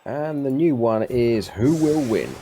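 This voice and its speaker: A man's voice: medium pitch, animated, unhurried, mellow, a little hiss or hum. A young man casually commentating a tabletop sports video game live, chatty and full of fillers and repeats. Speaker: game caster.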